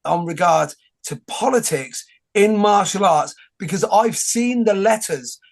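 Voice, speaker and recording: Male host, gravelly, chatty and rambling, lots of false starts. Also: sits high, unhurried. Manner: rambling, joking, many restarts. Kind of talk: casual conversation.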